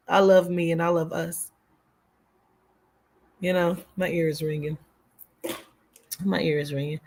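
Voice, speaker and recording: Chatty woman livestreaming, loose and rambling. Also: fairly low pitch. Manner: chatty and rambling, with frequent swearing and "child" asides; reads and answers viewer comments. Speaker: livestream host. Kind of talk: casual chat with live viewers.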